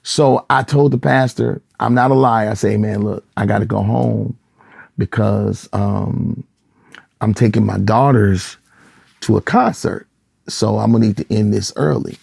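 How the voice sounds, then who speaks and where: A gospel singer and pastor from Michigan, middle-aged, tells stories in a laid-back interview at a measured pace. His voice is lowish and gravelly, and he livens up to act out whoever he's quoting. The close, dry recording has no echo or room sound.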